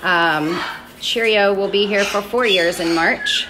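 A woman caring for parrots at a rescue, filming on her phone and talking to the birds in a high, sing-song baby voice between explanations to viewers. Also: takes it slowly. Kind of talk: live-streamed feed from a bird rescue. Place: indoor bird rescue room. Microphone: phone held in hand. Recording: loud bird noise behind. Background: loud parrot squawks and chatter.

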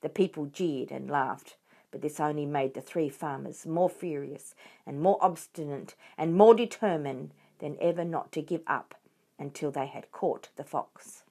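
A woman reading a children's book aloud in a clear, expressive way. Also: low-pitched, a little slow. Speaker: storyteller for children.

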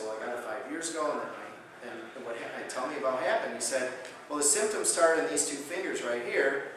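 Male speaker at a conference, animated story-led lecture, recorded from across a reverberant hall with faint room noise. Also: mid-range voice. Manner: animated storyteller, acts out patient quotes loudly. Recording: echoey hall, distant mic.

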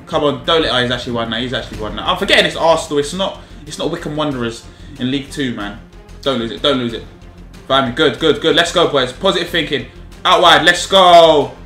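Young man, gaming commentary, bright sharp voice, echoey room, music underneath; animated and pleading. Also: medium pitch, fast. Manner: animated, pleading and exasperated, slangy. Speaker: gaming YouTuber. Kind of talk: live game commentary.

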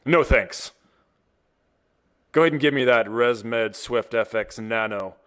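A man's voice: medium pitch, slow, a bit bright, clean tone. A man doing a bossy know-it-all customer. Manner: curt, bossy orders. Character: bossy, know-it-all male customer demanding his gear.

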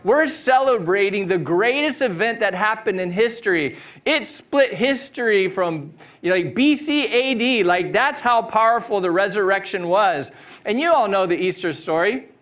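Upbeat high-voiced pastor. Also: male voice, animated, normal speed, fairly bright tone. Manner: upbeat, chatty storyteller who laughs through anecdotes. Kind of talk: Easter sermon with welcome and personal story. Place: church stage before a live congregation.

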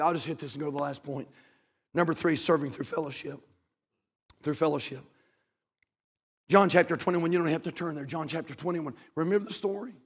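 A man preaching as a pastor, impassioned and repeating his phrases, rising to shouts at the high points. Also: slightly rough. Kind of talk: sermon. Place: church sanctuary. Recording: long reverb of a church hall.

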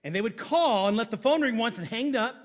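A man's voice: very high-pitched, lively intonation, fairly quick. A middle-aged man, a pastor, preaching a sermon in a church with a humorous, conversational storytelling manner.

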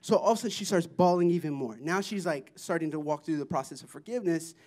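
A man with a notably high voice shares testimonies from a mission trip before a church. He tells the stories with excited, animated energy, often breaking into laughter. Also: quick pace. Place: church service.

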